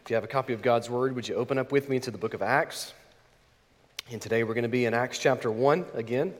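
A man's voice: mid-range voice, fast talker. A male pastor with a stuffy, nasal voice from a cold, preaching a sermon with chatty asides and frequent fillers. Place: church sanctuary. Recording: long reverb in a church hall.

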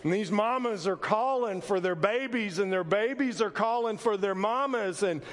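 A man preaching a sermon, telling folksy stories with sudden loud emphasis. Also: high voice, moderate pace, in a large hall. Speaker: pastor. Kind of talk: sermon with personal storytelling. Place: church sanctuary.

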